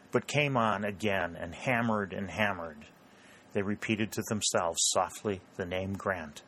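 A man narrates a historical novel in a steady, measured way. His voice sits on the low side and moves at an unhurried, even pace. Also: slight background noise. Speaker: audiobook narrator.

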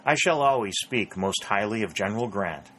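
A man's voice: on the low side, expressive, normal speed, fairly bright tone, slight background noise. A man reading the lines of a courtly older Southern colonel in a storybook, speaking with formal, gracious phrasing. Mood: genial.

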